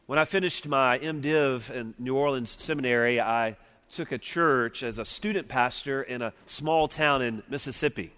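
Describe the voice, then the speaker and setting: Southern man preaching in a reverberant hall. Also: medium pitch. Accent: Southern US (Alabama). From Mobile, Alabama, US Deep South. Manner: measured and earnest, slowing and dropping quiet on key points. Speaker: preacher at a seminary chapel. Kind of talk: sermon with opening prayer. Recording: long reverb of a large chapel.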